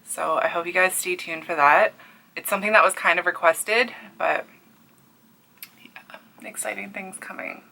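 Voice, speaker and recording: A young Canadian woman with a Newfoundland accent talks to her viewers from home. Her voice is bright and sits a little low, and she is breathless and overwhelmed, sighing often and sometimes sinking to a near-whisper. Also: steady tone, moderate pace, gravelly, long pauses. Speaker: crochet artist and small business owner. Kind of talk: excited casual vlog.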